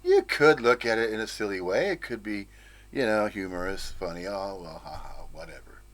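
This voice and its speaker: A man's voice: lowish voice, lively intonation, normal speed. Chuckling American man musing on nonduality. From United States. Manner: rambling, chuckling, playful asides. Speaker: spiritual teacher. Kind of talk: informal spiritual talk.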